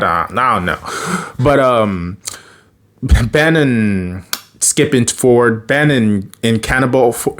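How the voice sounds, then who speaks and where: Man, casual episode review, lively swinging pitch, jokey, laughs a lot, lots of fillers and restarts. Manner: animated, joking, laughs often, acts out quotes; many fillers and self-corrections.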